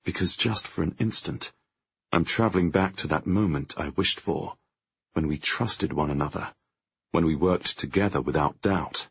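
A man narrating a first-person audiobook in a tense, measured way, with a gravelly, husky voice. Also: low voice. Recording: dry, dull lo-fi audio.

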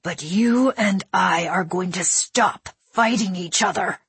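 Brief: woman doing a snarling, fear-ragged male captor in a storybook reading, husky. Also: sits high, takes it slowly, fairly bright tone, no echo, heavily acted. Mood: desperate. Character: desperate, domineering young male captor.

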